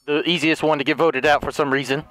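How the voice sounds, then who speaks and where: A man hosting a gaming video, shouting and swearing excitedly in voice chat with friends. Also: on the high side, fast talker, over music. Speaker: gaming channel host.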